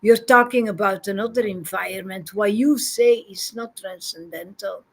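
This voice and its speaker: A woman's voice: medium pitch, normal speed, breathy edge. A woman giving an informal devotional talk as a spiritual teacher, reflective and often laughing.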